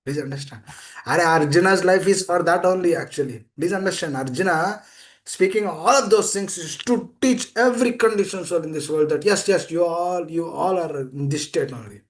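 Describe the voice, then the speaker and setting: A preacher leads a scripture class over a video call, his male voice on the high side at a moderate pace. He is emphatic and repetitive, pleading with listeners to "please understand."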